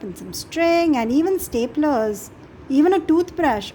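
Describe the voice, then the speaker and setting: A woman reading a picture book aloud to young children, gently expressive and pausing to ask the listener questions about the pictures. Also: high-pitched, slight background noise, rough recording. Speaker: storybook reader.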